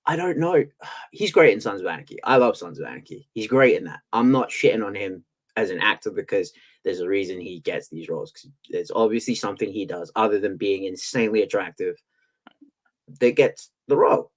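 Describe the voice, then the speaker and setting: A man's voice: fairly low pitch, expressive, a little fast. An English man co-hosting a podcast, chatting casually and ranting playfully with restarts. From England. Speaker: podcast co-host. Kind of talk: casual chat.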